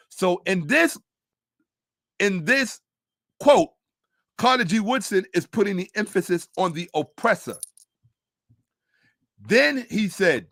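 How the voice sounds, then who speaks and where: Middle-aged male host, high pitch, emphatic storyteller, dry close sound. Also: very animated, pushed and bright, no echo. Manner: emphatic, drawn-out stresses, storytelling. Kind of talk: casual monologue commentary.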